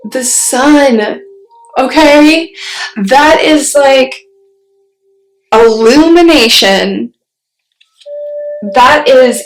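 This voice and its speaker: A woman reading tarot cards in an unhurried, reflective way, pausing often to ask spirit questions between cards. Her fairly high voice carries a gravelly fry. The recording sits in a roomy, echoey space. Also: a little hiss or hum. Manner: slow, musing, talks to spirit mid-reading. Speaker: tarot reader. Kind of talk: solo tarot reading to camera. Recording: roomy echo.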